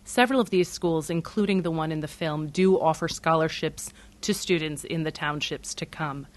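Woman, low pitch, documentary director, measured explanations. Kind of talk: interview.

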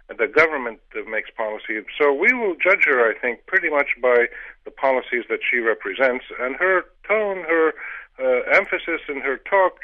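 Guy on a phone line for a radio interview, measured, lots of uhs, mid-pitched. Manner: measured, pauses with many fillers. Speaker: newspaper editor and commentator. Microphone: telephone.

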